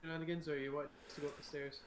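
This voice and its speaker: A man's voice: on the high side, level tone, very fast, crowd noise. A man playing a tabletop game, chatting casually and laughing easily. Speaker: player.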